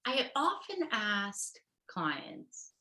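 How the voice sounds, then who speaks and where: A woman's voice: mid-range voice, wildly swooping pitch, extremely slow, gravelly, sharp tone, echoey room, poor audio. A middle-aged woman therapist giving a casual workshop talk. She chats along, laughs often and keeps checking in with "right?" and "okay".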